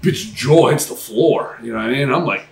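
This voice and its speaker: A man's voice: mid-range voice, moderate pace, creaky, soft background music. A man from Queens with a New York accent telling a story in casual chat, swearing freely and acting out the voices of the people in it. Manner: animated, profane, acts out quoted voices. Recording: roomy, distant mic.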